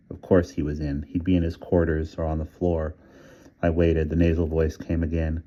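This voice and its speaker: A man with a low, deep voice reads a novel aloud in a calm, measured way. His tone is very dark and mellow. The recording is muffled and lo-fi. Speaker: audiobook reader. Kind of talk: scripted narration.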